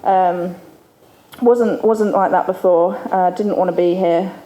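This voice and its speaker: This woman's voice sits on the low side, dark and steady, and she takes her time. Laughing often, she offers a candid, chatty recovery testimony to an audience in an event hall. The recording has a little hiss or hum, hall echo, and faint room ambience.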